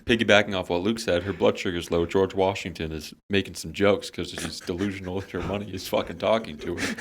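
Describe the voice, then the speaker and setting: Deep-voiced joking man. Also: steady tone, a little fast, slight background noise. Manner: joking, teasing banter. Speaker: podcast co-host. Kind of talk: casual chat.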